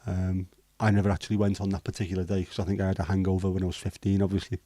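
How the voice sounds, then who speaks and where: Mellow low-voiced Liverpool man. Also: completely flat delivery, racing, dry recording. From Liverpool, England. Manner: rambling, hesitant with many ums, mildly sweary banter. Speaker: livestream host. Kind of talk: casual chat answering viewer comments.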